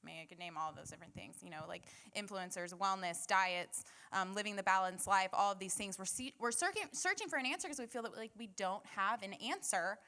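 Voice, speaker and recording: Bright-voiced woman co-host. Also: mid-range voice, fairly quick, few pauses. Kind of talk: casual faith talk.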